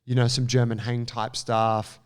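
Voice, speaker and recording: A man, co-hosting a podcast and giving practical training advice in a relaxed, measured way. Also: mid-range voice, smooth. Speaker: podcast co-host.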